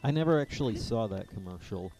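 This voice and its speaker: A man chatting casually while streaming a game, offhand and relaxed. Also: on the low side, fairly quick, a little hiss or hum. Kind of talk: casual gaming stream chat.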